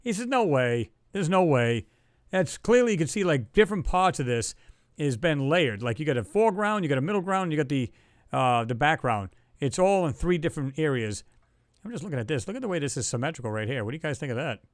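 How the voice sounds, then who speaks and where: Brief: male stream host, casual and excitable, pitched a bit high, dry unreverberant room. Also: fast, no echo. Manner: excitable, talks to chat viewers, reads their comments aloud. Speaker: livestream host. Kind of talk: casual livestream commentary on photos.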